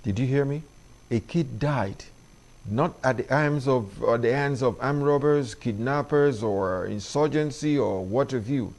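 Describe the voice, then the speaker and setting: A middle-aged man, hosting an opinion monologue addressed to parents in an emphatic, preachy way that climbs in pitch on his key points. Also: moderate pace, few pauses, darkish tone. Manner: preachy, emphatic, rises sharply when stressing points. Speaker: commentary show host.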